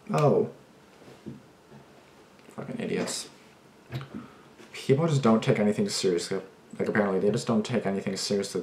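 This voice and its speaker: A man's voice: on the low side, brisk, long pauses, darkish tone, slight background noise. A young man hosting a reaction video, talking casually in a rambling, agitated way with plenty of swearing and restarts. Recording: echoey room.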